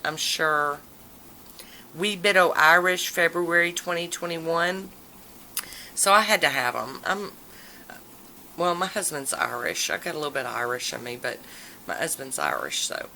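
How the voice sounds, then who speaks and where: A woman chatting casually and enthusiastically in a haul video, with drawn-out exclamations. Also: low voice, sharp tone, slight background noise, poor audio. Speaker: nail polish vlogger.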